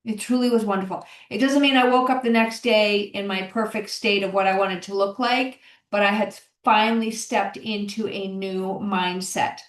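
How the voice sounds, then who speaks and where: A woman's voice: medium pitch, fairly even intonation, normal speed, hardly any pauses. A middle-aged woman hosting a solo podcast, talking in an encouraging, conversational way and often repeating her key phrases. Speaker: podcast host, health coach. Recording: roomy, distant mic.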